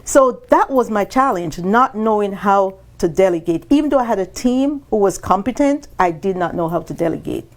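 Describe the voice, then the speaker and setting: She speaks at normal speed with hardly any pauses, a business podcast guest animatedly telling her story and performing quoted dialogue with sudden shifts in pitch.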